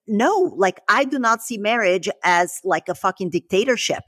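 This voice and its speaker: A woman's voice: mid-range voice, expressive, normal speed, hardly any pauses, a bit bright, no room sound, studio quality. A woman hosting a podcast, speaking outspokenly and emphatically, with swearing for emphasis. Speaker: podcast host. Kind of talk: conversational podcast interview.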